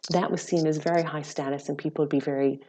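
A woman psychology researcher giving measured, explanatory answers in an interview, with frequent ums. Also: low voice, fairly even intonation, warm tone, slight background noise.

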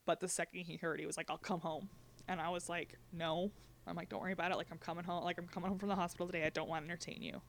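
A young woman with a slightly low voice, speaking as a guest on a conversational show. She tells her story in a relaxed, candid way, laughing now and then and taking on livelier voices when she quotes others. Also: rapid-fire, gravelly, a little hiss or hum. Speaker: guest sharing a personal story.

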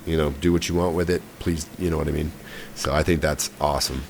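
A man's voice: extremely low pitch, little pitch movement, fast talker, darkish tone, slight background noise. A man co-hosting a podcast, chatting casually about gaming news and often trailing off mid-thought. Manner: conversational, trails off and restarts. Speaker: podcast co-host.

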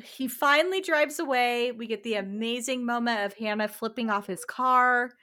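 A young woman co-hosting a casual podcast, bubbly and quick to laugh while recapping a reality show. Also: fairly high pitch, sharp tone. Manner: bubbly, laughs often, many fillers. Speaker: podcast co-host.

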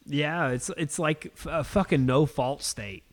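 A man, hosting a casual podcast chat and telling a story with animated, heavy swearing. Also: fairly high pitch, unhurried. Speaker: podcast host.

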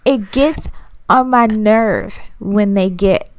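A woman's voice: medium pitch, takes it slowly. A woman co-hosting a podcast, talking bluntly and with exasperation in casual chat, swearing freely. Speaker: podcast co-host.

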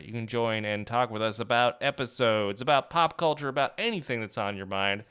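A man's voice: medium pitch, fairly quick, few pauses, a bit bright, smooth. A man co-hosting a podcast in a playful, jokey casual chat. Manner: playful and jokey, prone to bits. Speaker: podcast co-host.

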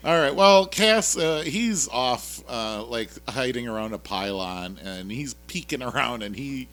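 A man's voice: mid-range voice, lively intonation, measured pace, fairly bright tone. A man co-hosting a casual podcast, retelling a TV episode in a rambling, jokey way with lots of fillers. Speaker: podcast co-host recapping a TV episode. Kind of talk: casual chat.

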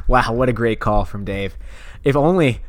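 An excitable man co-hosting a casual podcast, his voice swinging up and down as he swears and laughs. He sounds close and dry, with no room around him. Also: mid-range voice, no echo. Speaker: podcast co-host. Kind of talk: casual chat.

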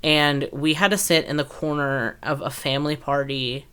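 A woman's voice: low voice, steady tone, normal speed, a bit bright, clear, resonant tone. A young woman telling a childhood story in a chatty, jokey casual conversation full of fillers. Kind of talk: casual chat.

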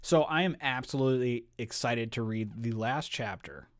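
A man's voice: medium pitch, normal speed. A man co-hosting a book podcast, reading chapters aloud and then gushing about them with lots of swearing and "dude". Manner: excitable, swears, says dude a lot. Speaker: podcast co-host. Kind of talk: reading a novel aloud and discussing it.

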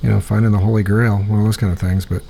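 A Midwestern American man hosts a loose, casual chat, rambling as he thinks aloud. His low voice is gravelly and husky, with a dark, mellow tone. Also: little pitch movement, racing. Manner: rambling, thinking aloud while searching online. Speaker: podcast host.

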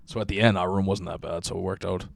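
A man's voice: low-pitched, fairly even intonation, quick pace, vocal fry. A young man telling a long story in casual chat, rambling and profane with lots of fillers.

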